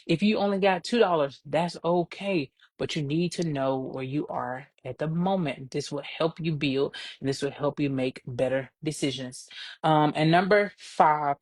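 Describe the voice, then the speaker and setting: Energetic woman coaching small businesses. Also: low-pitched, no room sound. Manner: lively, emphatic, repeats points for stress. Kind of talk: casual live-stream business tips.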